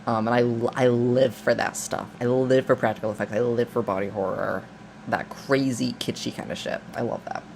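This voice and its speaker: A man's voice: mid-range voice, fairly even intonation, normal speed, vocal fry, a little mellow, a little hiss or hum. Rambling, jokey man recapping a film. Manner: rambling, jokey, with restarts and asides. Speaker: video essayist. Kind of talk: casual film recap and commentary.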